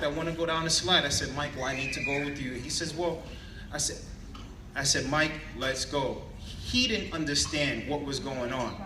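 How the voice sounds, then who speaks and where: A man's voice: mid-range voice, noisy background. Earnest man speaking in an echoey hall. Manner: earnest, emotional, chatty storyteller. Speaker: guest speaker telling his story. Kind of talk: personal testimony speech. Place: large event hall with an audience. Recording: echoey hall from a distant mic.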